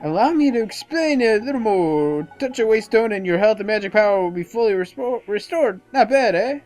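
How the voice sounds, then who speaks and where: A gamer reading a cheeky little male fairy sidekick's lines in a raised, animated voice. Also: mid-range voice, a little fast, faint music behind, pitched above the performer's own voice, natural voice. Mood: chipper.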